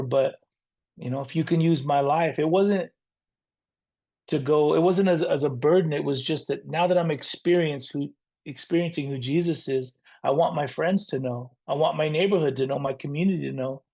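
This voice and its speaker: A man's voice: medium pitch, dark tone, muffled recording. A middle-aged man from the San Diego area, a rock frontman telling his life story as an interview guest in an earnest, reflective way. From San Diego area, near the Mexican border. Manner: earnest, reflective, faith-centered.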